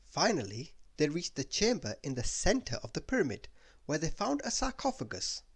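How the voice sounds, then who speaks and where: A man reads a children's storybook aloud at bedtime. His husky voice swoops widely in pitch as he tells the story, and he sounds expressive throughout. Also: moderate pace.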